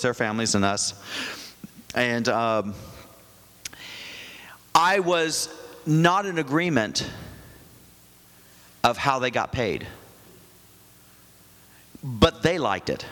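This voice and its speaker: A middle-aged male pastor preaching a sermon, excitable, with rambling asides and bursts of shouting. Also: medium pitch, long reverb tail. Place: church hall.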